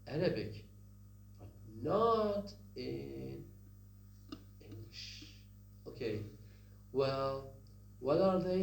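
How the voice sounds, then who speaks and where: A man's voice: medium pitch, a little mellow, far from the mic. A man teaching phonetics in a recorded lecture, repeating sounds and words and asking the listeners questions. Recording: echoey room with faint hum.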